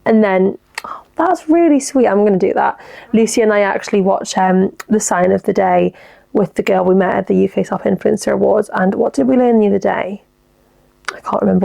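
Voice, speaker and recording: A young woman hosting a casual solo podcast, reading listener messages and reacting with quick chatty asides. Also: mid-range voice, gravelly, warm tone. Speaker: podcast host.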